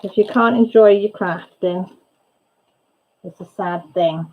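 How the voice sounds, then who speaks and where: A woman's slow, medium-pitched voice reaches us through a muffled recording as she hosts a casual crafting livestream from her home. She's chatty and rambly, repeatedly interrupting herself mid-thought.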